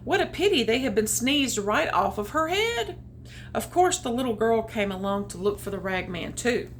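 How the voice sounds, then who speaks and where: Woman, children's read-aloud, animated storytelling, chatty asides, fairly high voice. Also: normal speed, slight background noise. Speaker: storytime reader.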